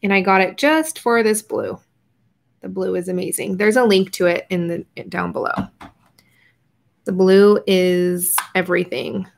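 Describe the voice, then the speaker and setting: A young woman hosting an art journaling livestream, chatting casually with viewers while she paints and sometimes trailing off into quiet murmurs. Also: medium pitch, unhurried, gravelly. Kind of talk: casual live crafting chat.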